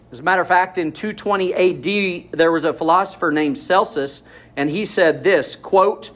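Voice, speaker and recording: Male pastor, slightly high voice, conversational sermon storyteller with asides to the room. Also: fairly bright tone.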